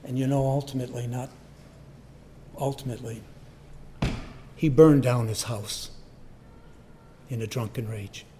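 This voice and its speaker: A man's voice: medium pitch, steady tone, measured pace, long pauses, mellow, slight background noise. An older man preaching a sermon, telling a personal story in a conversational way. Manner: storytelling, conversational, acts out voices. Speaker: pastor.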